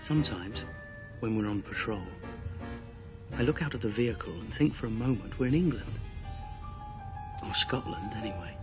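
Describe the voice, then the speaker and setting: A young soldier , voiced by a man, reading his letter home in a quiet, reflective voice-over, pitched a little low. Music plays under the dull, muffled sound. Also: expressive, moderate pace, pauses often, lightly acted. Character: young male soldier writing to his parents.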